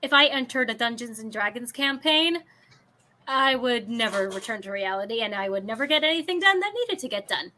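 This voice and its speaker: Chatty woman guest, high and bright voice. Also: lively intonation, fairly quick. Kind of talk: casual chat.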